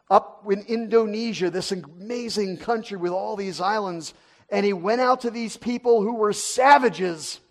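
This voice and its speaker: A man preaching a sermon as an animated storyteller, swinging between loud and hushed. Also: sits high.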